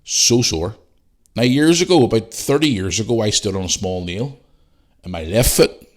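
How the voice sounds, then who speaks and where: Deep-voiced sweary man telling a story. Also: moderate pace. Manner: animated, sweary, acts out the voices in his story. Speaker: podcast host. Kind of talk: casual storytelling monologue.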